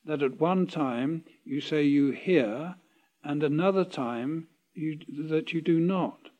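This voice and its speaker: A man reading aloud the lines of a calm old male spiritual teacher, asking measured, probing questions at a slow pace. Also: on the high side, highs cut off. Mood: questioning.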